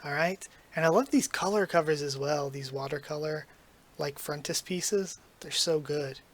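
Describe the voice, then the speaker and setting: Man, slightly high voice, emotional manga readthrough, gushing and stumbling over words, close to tears. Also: moderate pace. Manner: excited and gushing, trips over his words. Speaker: YouTube manga reactor.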